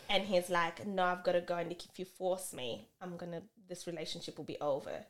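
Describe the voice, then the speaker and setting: Animated woman podcast co-host telling a story. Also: on the low side, brisk, few pauses. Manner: animated storytelling, acting out both sides of an argument. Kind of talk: casual podcast chat.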